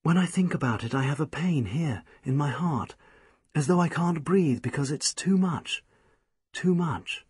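A man's voice: on the high side, measured pace, a little mellow, husky, dry recording, studio quality. A man voicing a young woman, an earnest and devoted music student, in an audiobook reading. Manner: eager, tender, pleading. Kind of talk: audiobook character voice.

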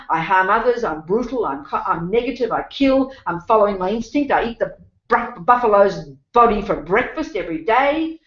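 Blunt Australian woman teacher with a mid-pitched voice, in a dull, echoey room recording. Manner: blunt, emphatic, calls listeners honey and sweetheart. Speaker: Buddhist teacher. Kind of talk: dharma teaching talk to a class.

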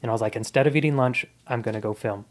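A man's voice: medium pitch, very fast. A man in his thirties, a comedian guest on a podcast, telling his life story in a casual, earnest and reflective way.

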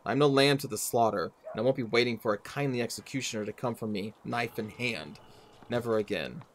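A bitter elf wanderer read aloud by a man speaks in a terse, guarded way, defiant about her fate. The voice sits at a middle pitch with no real character voice. Light noise runs behind it. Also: fairly quick, close to an everyday voice.

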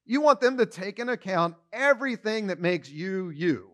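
A man's voice: high-pitched, lively intonation, normal speed, fairly bright tone. A man pastor giving a conversational sermon, often repeating words as he starts a phrase and acting out everyday quotes with a shifting tone.

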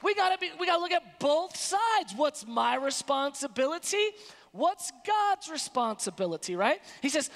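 Woman pastor, emphatic folksy sermon, lively pitch, church-hall echo. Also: normal speed. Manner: emphatic, colloquial preaching. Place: church sanctuary.

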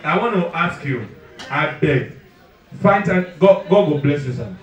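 A man with a Nigerian accent doing live stand-up and crowd work, loud and teasing, slipping into pidgin as he talks straight to the audience. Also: fairly high pitch, animated, unhurried, recorded from a distance, dull audio. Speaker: stand-up comedian. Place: live comedy venue. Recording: echoey venue, mic heard from afar, crowd noise. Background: audience laughing.

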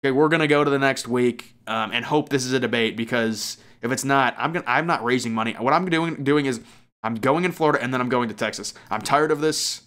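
Excitable young man rambling over gameplay. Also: medium pitch, a little fast. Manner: rambling, excitable, self-mocking. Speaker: gaming YouTuber. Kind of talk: casual gameplay commentary.

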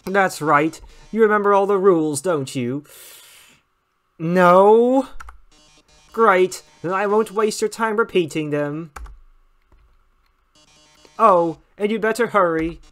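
A man voicing a flamboyant male robot TV star with a theatrical, drawn-out, mock-tragic delivery. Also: sits high, fairly bright tone, soft background music, voice pushed up.

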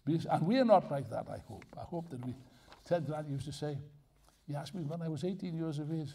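A man's voice: on the high side, animated, brisk, creaky, dark tone, slightly rough. An older man giving a live lecture to an audience, emphatic and digressive, with wry asides and jokes. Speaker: speaker at a political festival.

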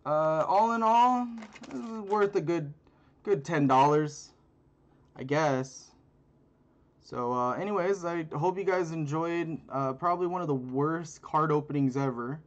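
A man rambling through a casual card-opening video with crude jokes and lots of fillers, recorded on a phone. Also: fairly high pitch. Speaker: channel host.

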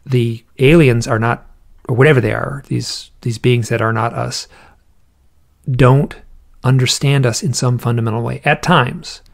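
Gravelly-voiced man telling stories casually. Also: medium pitch, fairly even intonation, unhurried. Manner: rambling, restarts often, acts out quoted voices. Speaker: podcast guest, author on owls and UFOs. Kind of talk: casual interview storytelling.

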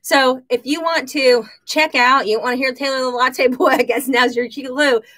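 Chatty lady on a live stream, pretty high voice, calling out viewers by name. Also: steady tone, moderate pace, a bit bright. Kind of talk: casual live-stream chat. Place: home kitchen.

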